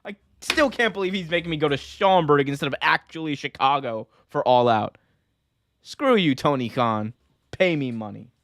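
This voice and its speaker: A man hosts a casual podcast, ranting and joking with lots of energy. His voice sits fairly high for a man. The recording is dry and close to the mic. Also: moderate pace, no room sound. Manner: animated, joking rants with mock voices. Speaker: podcast host. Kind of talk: casual chat.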